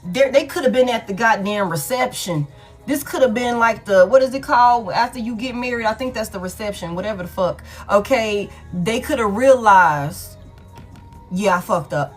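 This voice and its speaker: A woman giving a casual tarot reading in a blunt, profane, animated way, repeating herself for emphasis. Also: on the high side, normal speed, soft background music. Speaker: tarot reader.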